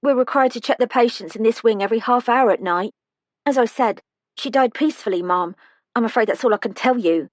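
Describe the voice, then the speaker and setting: A woman's voice: a little high, no room sound, pitched above the performer's own voice, lightly acted. A woman voicing a nervous young care-home aide who answers evasively and politely. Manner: evasive, hurried, deferential.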